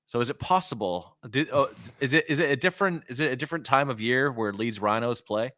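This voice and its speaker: Animated American man, bright voice. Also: medium pitch, fast, no echo, clean studio sound. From United States. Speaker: podcast co-host. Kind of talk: casual chat.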